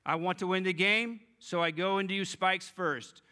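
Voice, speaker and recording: A pastor quoting a stern old baseball boss. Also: male voice, high voice, moderate pace, bright, forceful tone, clear, resonant tone. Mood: challenging. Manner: emphatic, testing questions. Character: stern older male baseball manager.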